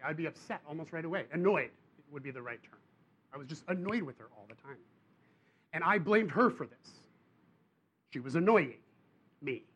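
A young adult man, preaching a sermon and telling a personal story with animated bursts of emphasis. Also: a little high, slightly rough.

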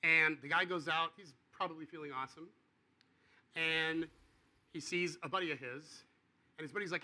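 A man preaching a sermon in a casual, conversational way, acting out the dialogue of the people in his story and swinging between quiet and loud. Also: a little high, brisk, rough recording. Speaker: pastor.

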